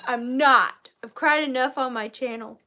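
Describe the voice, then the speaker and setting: A woman's voice: high voice, unhurried, bright, forceful tone. A woman in her thirties hosting a live vintage sale, chatty and self-deprecating, easily moved to tears. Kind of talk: chatty live-stream selling.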